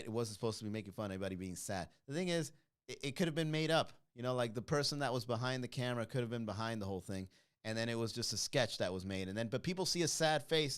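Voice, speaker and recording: A man's voice: mid-range voice, clear, resonant tone. A man hosting a comedy podcast livestream, teasing and laughing as he reads out chat comments. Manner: animated, teasing, quick to laugh.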